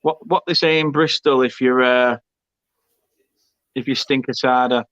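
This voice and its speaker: A man's voice: medium pitch, fairly even intonation, a little slow, a bit bright, no room sound. A man hosting a live football watchalong, reading out viewer comments and cracking jokes, often repeating his words. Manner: chatty, jokey, stumbles and repeats words. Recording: dull lo-fi stream audio.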